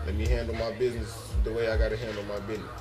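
A man's voice: on the low side, level tone, rapid-fire, music in the background. A young man, telling a podcast story in a casual, profane, laughing way. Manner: profane, laid-back, laughing asides. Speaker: podcast host.

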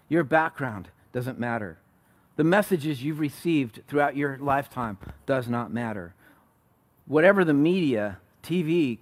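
A man preaching a sermon as pastor, conversational, rising to loud emphatic peaks and dropping to soft low asides. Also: dry recording.

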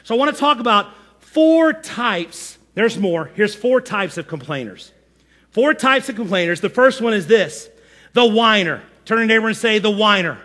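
High, bright-voiced preaching man. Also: normal speed. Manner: animated, acts out whiny quoted voices. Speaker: pastor. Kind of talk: sermon.

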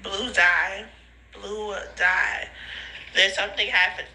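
A woman recording rambling phone voice notes while high, giggly and emotional, her thoughts drifting with frequent laughs and sighs. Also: level tone, slow, pushed and bright, slight background noise, low-quality recording. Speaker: podcast host sending voice notes. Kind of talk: rambling voice-note monologue. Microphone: phone voice memo.

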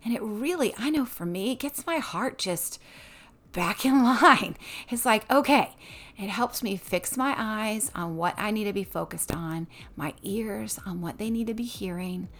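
A woman talking casually about her family's morning devotional routine in a bright, expressive way, laughing now and then. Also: medium pitch, unhurried. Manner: upbeat and expressive, laughs often. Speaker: mom sharing a devotional routine. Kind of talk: casual tips talk.

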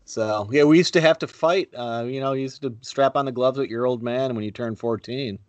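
A middle-aged man co-hosting a podcast, talking in a laid-back, halting, wry way. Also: medium pitch, no room sound, highs cut off. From Buffalo, New York. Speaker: podcast co-host. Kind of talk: casual chat.

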